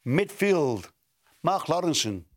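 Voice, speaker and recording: A man's voice: fairly high pitch, very animated, slow pace, dry recording, studio quality. An older man, telling football stories in an interview, often repeating and restarting words. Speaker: interview guest, former footballer. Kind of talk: relaxed storytelling interview.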